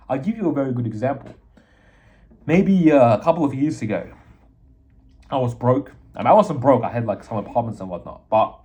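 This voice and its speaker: A young man at a mid-range pitch delivers a casual motivational monologue as a podcast host. His talk is blunt and full of slang, and he hits his key points with emphasis. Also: a little mellow.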